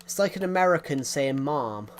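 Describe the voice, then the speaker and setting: An English man chats loosely with his live stream audience. His voice sits a little high for a man, and he circles back and restarts sentences as he goes. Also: unhurried, slight background noise. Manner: rambling, repeats and restarts phrases. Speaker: live streamer reading chat. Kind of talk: casual chat to stream viewers.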